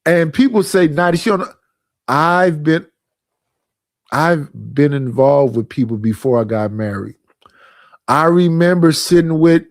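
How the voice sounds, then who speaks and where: A man's voice: on the high side, a little mellow, dry recording, studio quality. A man streaming reaction commentary in a blunt, profane, ranting manner, with speech.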